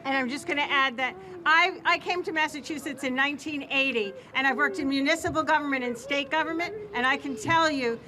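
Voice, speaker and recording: A woman's voice: high voice, a little fast, hardly any pauses, crowd noise. A woman giving effusive, emphatic remarks at a public ceremony. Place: outdoor ceremony.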